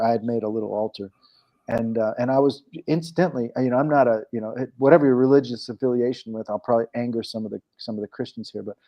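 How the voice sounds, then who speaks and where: A man's voice: medium pitch, mellow. A man as an interview guest, telling a story in casual conversation, rambling with frequent restarts. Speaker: guest, coach and program founder.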